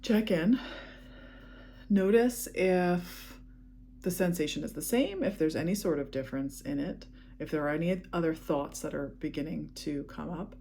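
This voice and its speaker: A woman leading a guided EFT tapping session, speaking calm, repetitive affirmations. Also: deep voice, moderate pace, vocal fry.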